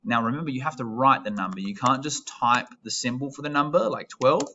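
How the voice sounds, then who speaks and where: A man's voice: mid-range voice, animated, brisk, bright, forceful tone, lo-fi sound, a little hiss or hum. A young Australian man in his twenties, a teacher who explains an Italian lesson step by step in a patient, chatty way. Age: 20s. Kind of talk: recorded classroom lesson.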